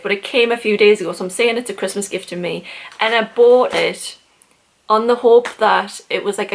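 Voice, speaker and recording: A young woman, chatting casually in a vlog, gushing and excitable with lots of "like" fillers. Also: mid-range voice, slight background noise. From United Kingdom. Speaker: book vlogger.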